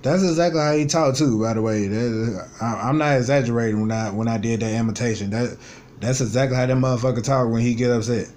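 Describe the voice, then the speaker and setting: Talking fast in a medium-pitched, slightly mellow voice, a vlogger in his twenties tells his life story as a personal monologue. He vents frustration bluntly and swears a lot, and some slight background noise can be heard.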